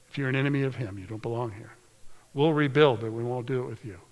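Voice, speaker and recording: Man preaching, earnest, hushed asides, mid-pitched voice, long hall reverb. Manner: earnest, slows for emphasis, drops to a hushed whisper. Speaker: pastor. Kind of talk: sermon reading scripture.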